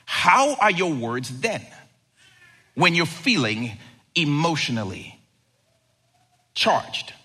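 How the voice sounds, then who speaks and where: A man preaching a sermon as pastor, conversational and animated, asking the listeners questions. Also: a little high, slow pace, pauses often, husky.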